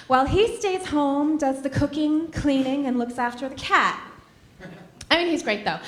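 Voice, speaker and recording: A woman's voice: high voice, fairly bright tone, echoey room. A woman in her thirties from Massachusetts doing a stand-up comedy set with a wry, sardonic punchline delivery. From Massachusetts, USA. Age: 30s. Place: comedy club stage.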